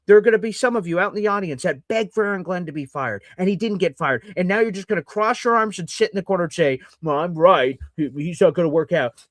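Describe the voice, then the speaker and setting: A man's voice: high voice, no room sound, clean studio sound. A man hosting a live sports reaction show, ranting and sarcastic toward his audience. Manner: ranting and sarcastic, mocking fans in put-on voices.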